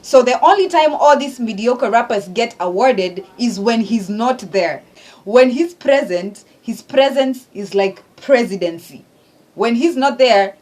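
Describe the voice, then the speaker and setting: A woman with a slightly raised voice talks through rap lyrics in casual reaction commentary. She is emphatic and profane as she explains each line, sounding like a regular host chatting to her viewers. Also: fairly high pitch.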